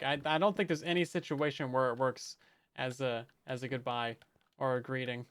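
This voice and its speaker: A man's voice: medium pitch, level tone, normal speed, fairly bright tone, clean tone. A man streaming a game, chatting casually with viewers in a joking way and often repeating words as he restarts. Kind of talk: casual live-stream chat while gaming.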